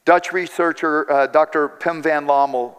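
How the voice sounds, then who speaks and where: A man preaching a sermon with a high, light voice and earnest storytelling, acting out the lines he quotes. His voice rings with a long reverb through a large church hall. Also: fairly even intonation, unhurried, fairly bright tone, clean tone.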